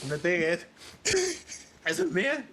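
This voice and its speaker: A man's voice: very high voice, very animated, moderate pace, over a noisy crowd. A man co-hosting a reaction show, giving incredulous, laughing commentary. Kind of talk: casual reaction chat.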